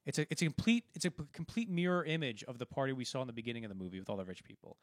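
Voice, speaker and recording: A man's voice: mid-range voice, animated, rapid-fire, no room sound, clean studio sound. A man co-hosting a film podcast, casually retelling movie scenes in a rambling way with many restarts. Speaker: podcast co-host.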